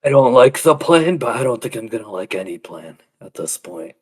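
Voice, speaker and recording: A man's voice: mid-range voice, big pitch swings, moderate pace, husky. A man playing in a tabletop game, joking around and swearing freely. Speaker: player. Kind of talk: casual tabletop game chat.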